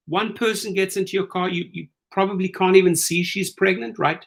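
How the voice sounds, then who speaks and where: A man's voice: high voice, a little fast, vocal fry, hardly any pauses. A middle-aged man hosting rideshare commentary in a casual, incredulous rant, acting out the people he quotes. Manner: animated, incredulous, acts out quoted lines.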